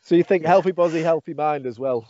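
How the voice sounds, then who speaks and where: A man's voice: on the high side, fast, dark tone, no echo. A man hosting a podcast, asking questions in a loose, chatty way. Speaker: podcast host. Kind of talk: casual podcast chat. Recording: dull lo-fi audio.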